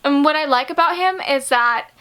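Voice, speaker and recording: A woman's voice: high-pitched, normal speed, pushed and bright. A woman book vlogger chatting casually to camera, gushing and giggly, with many fillers and restarts.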